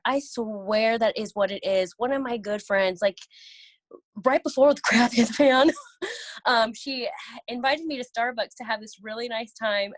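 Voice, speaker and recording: A woman telling animated personal stories with a sassy, laughing delivery, acting out the people she quotes. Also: on the high side, no room sound. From Oklahoma. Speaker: guest, network marketing distributor.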